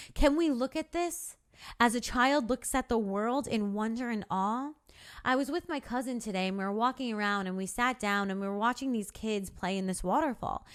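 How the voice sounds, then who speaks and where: A young woman with a slightly high voice talks earnestly to her listeners, encouraging them with faith and plain talk. She drops in a casual curse now and then and keeps the tone heartfelt and direct. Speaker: podcast host. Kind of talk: motivational monologue.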